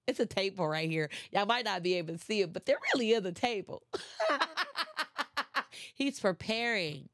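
A woman's voice: medium pitch, lively intonation, a little fast, hardly any pauses, no room sound. A woman giving a casual inspirational talk, emphatic and chatty, repeating phrases and speaking straight to her listeners. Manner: chatty, addresses listeners directly. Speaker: motivational speaker.

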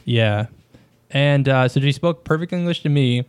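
A man's voice: mid-range voice, moderate pace, clear, resonant tone. A man in his twenties co-hosting a podcast, joking in crude casual banter. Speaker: podcast co-host. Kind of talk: casual chat.

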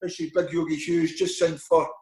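A middle-aged man with a Scottish accent, a former footballer telling animated anecdotes in an interview, acting out the voices in them. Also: fairly high pitch, moderate pace, reverberant, poor audio. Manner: lively, animated storyteller acting out dialogue. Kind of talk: anecdotal storytelling.

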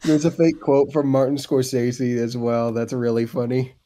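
A man co-hosting a podcast in casual chat who tells stories in a joking, animated way. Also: mid-range voice, normal speed. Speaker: podcast co-host.

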